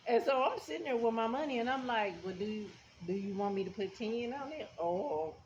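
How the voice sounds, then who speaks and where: A woman's voice: on the high side, expressive, normal speed, a little mellow. A woman telling a casual storytime to her viewers, blunt and sassy, laughing often as she talks. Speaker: vlogger. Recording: dull lo-fi sound with faint background noise.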